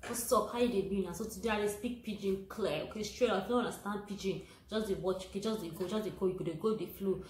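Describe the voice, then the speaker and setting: Quick nigerian woman ranting a funny market story in pidgin, echoey room, bit of noise. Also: medium pitch, over music. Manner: animated, acts out voices in her story. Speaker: comedy vlogger.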